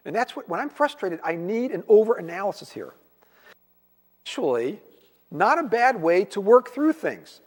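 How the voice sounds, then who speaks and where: A male pastor with a high, light voice delivers a conversational sermon, slipping into the voices of the people he quotes. His words ring out with a long reverb from the church hall around him. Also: very animated, normal speed. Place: church sanctuary.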